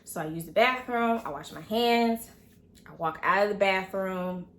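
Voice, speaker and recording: A woman in her twenties telling a personal story in an animated way, acting out quoted dialogue with many fillers. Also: low-pitched. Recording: echoey room.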